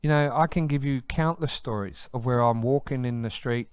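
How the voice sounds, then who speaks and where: A middle-aged Australian man, a pastor, telling lively personal stories in casual conversation and laughing as he talks. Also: mid-range voice, normal speed, smooth, no room sound. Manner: animated storyteller, laughs mid-sentence.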